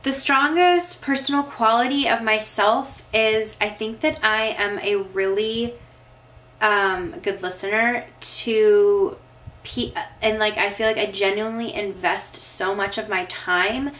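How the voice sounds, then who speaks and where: A woman's voice: mid-range voice, steady tone, a little slow, fairly bright tone, low-quality recording. Young woman vlogger, casual Q&A, emotional and teary, rambling with lots of "like". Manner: emotional, tearing up, filler-heavy. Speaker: vlogger answering viewer questions. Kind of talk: casual chat.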